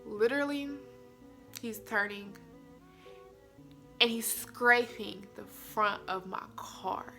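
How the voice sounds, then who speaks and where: A young woman, telling viewers a story in an animated, chatty way. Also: mid-range voice, takes it slowly, creaky, long pauses, soft background music. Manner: animated, addresses viewers as y'all. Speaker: vlogger. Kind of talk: storytime vlog.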